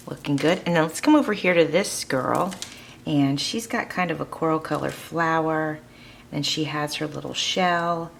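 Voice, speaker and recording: Gravelly-voiced woman chatting while crafting. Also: low voice, a little hiss or hum. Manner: chatty, thinks aloud while crafting, addresses viewers as friends. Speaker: crafting channel host. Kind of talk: casual crafting tutorial chat. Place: home art studio.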